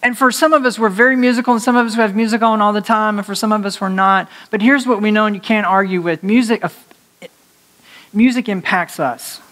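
Joking, animated male pastor preaching. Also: high voice, brisk. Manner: animated, joking, laughs at his own slips. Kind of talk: conversational sermon. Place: church sanctuary before a congregation.

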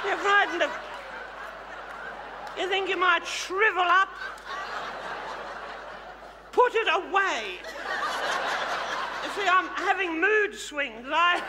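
A very high, fluting older Australian lady, performed by a man, who preens as a glamorous megastar and coos teasing endearments at the crowd. She plays it big and theatrical in a live stage comedy monologue. Her voice rings through a large theatre with long reverb and audible audience noise. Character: flamboyant older Australian woman, glamorous self-proclaimed megastar.

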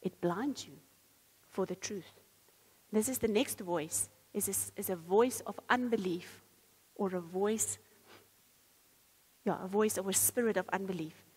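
A woman's voice: medium pitch, unhurried, long pauses, a little mellow, breathy edge, long reverb tail, low-quality recording. A woman preacher giving a sermon, reading scripture aloud and then explaining it earnestly.

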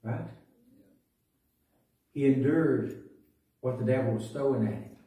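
A man preaching a sermon as pastor, telling folksy stories that build to loud preaching. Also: medium pitch, unhurried. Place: church sanctuary. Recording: echoey church recording from a distance.

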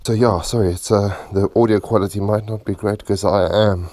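Relaxed South African fishing vlogger. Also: male voice, fairly low pitch, normal speed. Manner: relaxed, rambling with many fillers. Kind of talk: casual vlog chat. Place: outdoors at a dam, partly on the water. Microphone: GoPro camera mic. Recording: noisy outdoor camera audio.

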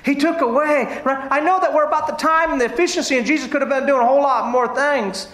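A pastor with a very high voice preaches to his congregation. He swings from animated bursts to hushed asides, and the church hall rings around him. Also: fast, few pauses. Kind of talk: sermon. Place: church sanctuary.

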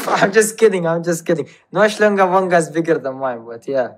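A man's voice: on the high side, normal speed, a little hiss or hum. Teasing man roasting strangers on video chat. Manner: mocking, roasting strangers, laughs often. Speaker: prankster on random video chat.

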